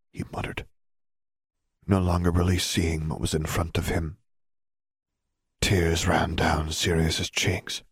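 A man reading a fan fiction story aloud in slow, hushed dramatic narration. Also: sits low, breathy edge, no echo, clean studio sound. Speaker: audiobook narrator.

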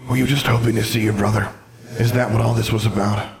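A man doing a gentle, regretful old wizard ghost. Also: fairly low pitch, level tone, fast, lightly acted. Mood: calm, pleading. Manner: soft, placating, kindly.

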